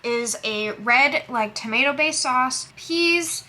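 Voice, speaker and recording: In a hotel room, a young female vlogger with a bright, slightly high voice chats slowly with her viewers for a food vlog. She thinks aloud as she tastes each dish and describes it.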